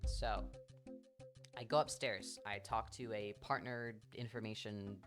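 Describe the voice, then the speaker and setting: A streamer with an English accent telling a story to their chat in a casual, animated way, swearing freely and acting out what people said. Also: mid-range voice, measured pace, music in the background. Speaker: livestreamer.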